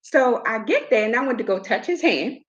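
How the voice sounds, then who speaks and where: A middle-aged woman hosting a casual chat, telling a personal story in an animated way and acting out what others said. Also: on the high side, a little fast, dull audio. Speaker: host.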